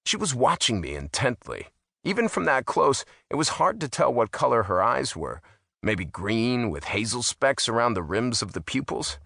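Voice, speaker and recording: A man's voice: mid-range voice, very animated, moderate pace, vocal fry, pushed and bright, no room sound. A man narrating a first-person audiobook in a wry, amused manner on a close studio mic.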